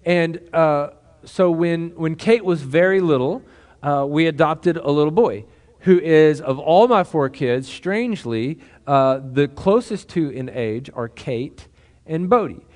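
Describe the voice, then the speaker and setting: A man's voice: fairly high pitch, expressive, unhurried, a little mellow. A man preaching a sermon as a pastor, talking casually and conversationally, with asides and restarts.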